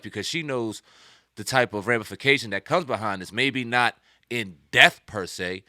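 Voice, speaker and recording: A man's voice: mid-range voice, moderate pace, bright, forceful tone, no room sound, clean studio sound. A man hosting a hip hop news show, commenting in a loose, slangy, conversational way. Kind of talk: casual commentary.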